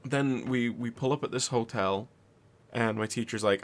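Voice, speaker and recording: A man's voice: mid-range voice, normal speed. A young man co-hosting a podcast, telling a long story in a rambling way, swearing and laughing as he goes. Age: young adult. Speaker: podcast co-host. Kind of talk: casual storytelling.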